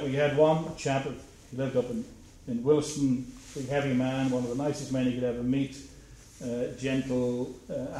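An older man telling anecdotal stories of his working days, chuckling and halting with fillers. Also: mid-range voice, dark tone. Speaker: interviewee. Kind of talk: oral history reminiscence. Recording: very echoey room, faint hiss.

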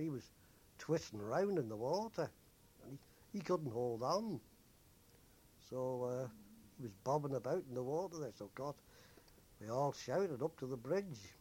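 An older man recalls his days at sea for an oral history. His voice sits at an ordinary middle pitch. He tells his anecdotes in an unhurried, easygoing way. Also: darkish tone, breathy edge. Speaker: former merchant seaman.

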